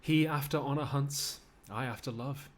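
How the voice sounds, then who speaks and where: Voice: medium pitch, normal speed, close to an everyday voice. A streamer reading the part of a lovesick young nobleman in a live amateur read-through of a play. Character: young lovesick male nobleman, moony and wordy.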